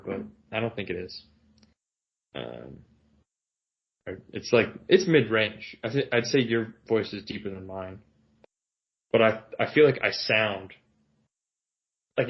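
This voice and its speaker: A man co-hosting a podcast in casual chat, animated, self-mocking and jokey. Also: fairly low pitch, highs cut off. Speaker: podcast co-host.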